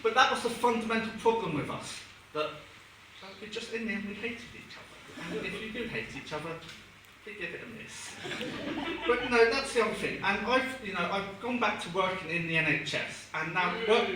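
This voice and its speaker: A young man doing a stand-up comedy set in a club, telling deadpan, sardonic stories laced with swearing. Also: sits high, brisk, recorded from a distance, crowd noise. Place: comedy club, live audience. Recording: echoey club recording from afar, audience noise.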